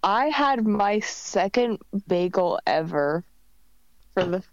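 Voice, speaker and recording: A woman's voice: medium pitch, expressive, takes it slowly, slight background noise. A young woman co-hosting a podcast, telling a rambling, jokey story in casual chat. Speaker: podcast co-host. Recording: dull lo-fi mic.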